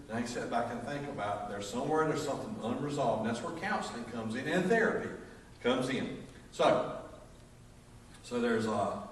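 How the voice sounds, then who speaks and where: A middle-aged man with a Southern accent preaching a sermon, a folksy storyteller who jokes and acts out voices. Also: medium pitch. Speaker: pastor. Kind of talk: sermon with humorous stories. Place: church sanctuary. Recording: echoey church from far off, faint noise.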